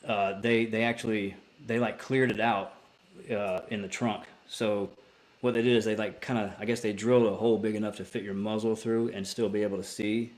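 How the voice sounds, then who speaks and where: A man, a military veteran and podcast guest, telling a story casually with plenty of swearing, restarts and filler words. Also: fairly low pitch. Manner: profane, rambling with many restarts.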